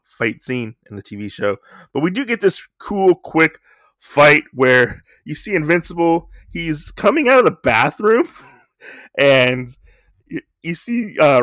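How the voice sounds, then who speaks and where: A young man recaps a comic book in a loose, rambling ramble, full of likes and you-knows. His voice sits at an ordinary middle pitch. The recording is close and dry. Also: a bit bright, no room sound. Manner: rambling, filler-heavy retelling. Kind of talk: casual chat.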